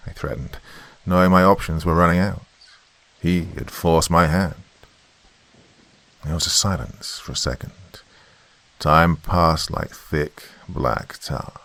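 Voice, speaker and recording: A man's voice: very deep voice, normal speed, creaky, a bit bright, dry recording. A man narrating a first-person horror story as a podcast host, with tense, dramatic storytelling.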